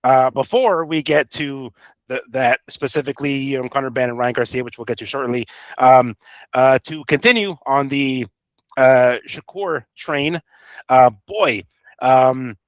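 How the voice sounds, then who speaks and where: A man's voice: mid-range voice, a little slow, no room sound. A man hosting a boxing podcast, telling the story in a loose, rambling and profane way. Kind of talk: casual chat.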